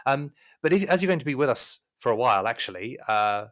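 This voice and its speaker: A man's voice: mid-range voice, animated, quick pace, fairly bright tone, natural voice. A man playing a hesitant, courteous old servant. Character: courteous older male house servant.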